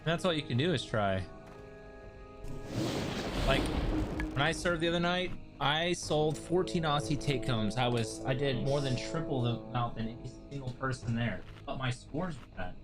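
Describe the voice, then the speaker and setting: A man's voice: medium pitch, lively intonation, moderate pace, pauses often, over loud music. A man chatting casually on a livestream, blunt and swearing freely. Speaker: streamer.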